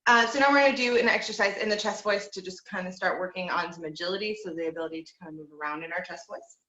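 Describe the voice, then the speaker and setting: A woman's voice: fairly low pitch, rapid-fire, pushed and bright, echoey room. A woman teaching a group voice lesson over a video call, coaching in an easy, encouraging way with plenty of fillers.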